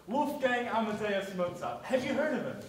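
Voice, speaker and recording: A young performer in a school play acting a stern German shopkeeper with a German accent and broken, formal phrasing. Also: male voice, high voice, sing-song, moderate pace, slight background noise. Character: stern older German shopkeeper man, gruff. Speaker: newsagent employer. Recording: echoey hall, from far off.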